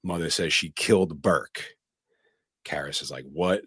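Deep husky guy walking thru a movie scene by scene, dry close sound. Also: a little slow, fairly bright tone, no echo. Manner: retells film scenes plainly, reading out dialogue. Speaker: podcast co-host. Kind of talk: casual podcast recap.

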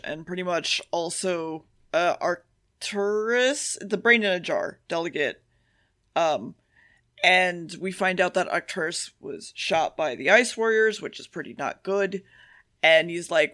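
A podcast co-host casually recapping an episode, swearing often and tossing in quick quoted lines. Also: medium pitch, animated, sharp tone. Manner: profane, offhand retelling with quick quoted voices.

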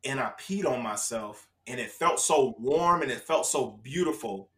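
A man from Florida telling a funny story to friends in a casual chat, dropping low then shouting. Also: moderate pace, crowd noise. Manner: animated, laughing, swings from low mumble to loud shouting.

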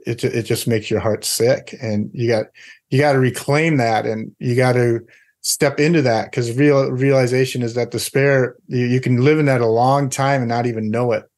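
A man's voice: mid-range voice, fairly even intonation, normal speed, a little mellow. A man co-hosting a podcast, speaking earnestly about faith and scripture. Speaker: podcast co-host. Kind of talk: casual faith talk.

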